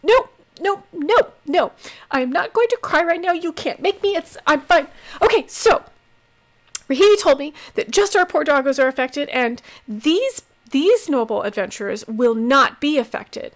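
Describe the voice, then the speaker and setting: A woman voicing a scatterbrained, emotional woman healer who talks in a loud, flustered, gushing way. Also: a little high, a little slow. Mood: tearful.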